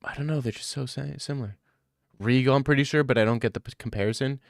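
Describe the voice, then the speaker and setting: A man's voice: mid-range voice, fast, creaky, no echo, studio quality. A man hosting a casual podcast chat, rambling and joking in loose banter.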